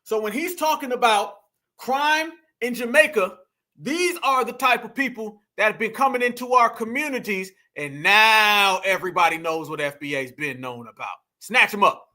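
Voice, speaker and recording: A man's voice: sits high, lively intonation, normal speed, pushed and bright. A man hosting an online commentary stream, talking to viewers in an emphatic, slangy, casual way.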